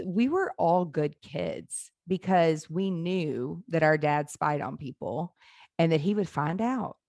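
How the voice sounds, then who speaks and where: Woman, forties, low voice, dry close sound, candid storyteller, casual swearing. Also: darkish tone, no room sound. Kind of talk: casual chat.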